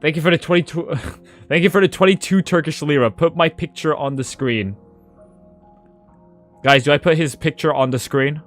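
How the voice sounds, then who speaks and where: A male game streamer chatting casually on a live stream, swearing and laughing as he thanks donors. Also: medium pitch. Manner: animated, swears, laughs a lot.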